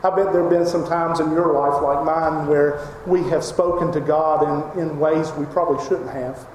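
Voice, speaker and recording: A man's voice: fairly high pitch, steady tone, moderate pace, a little mellow. A man preaching a sermon as pastor, emphatic and crying out when he quotes scripture. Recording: echoey hall reverb, faint noise.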